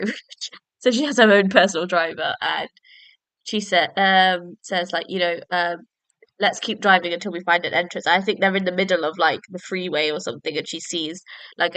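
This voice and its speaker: Bright-voiced young woman rambling casually. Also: lowish voice, no echo. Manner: rambling, self-deprecating, giggly asides. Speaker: podcast host. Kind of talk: casual solo book review.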